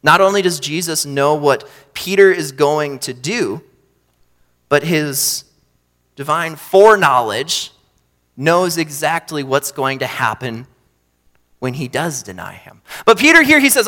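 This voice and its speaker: Animated high-voiced preacher in a reverberant hall. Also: male voice, unhurried. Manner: animated, swings between loud emphatic bursts and quiet low asides. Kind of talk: sermon.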